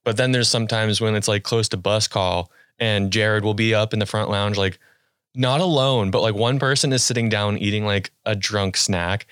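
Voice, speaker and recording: A young man hosting a casual podcast, telling stories in an easygoing way with quick bursts. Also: fairly low pitch, fairly bright tone, smooth, no room sound, clean studio sound. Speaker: podcast host.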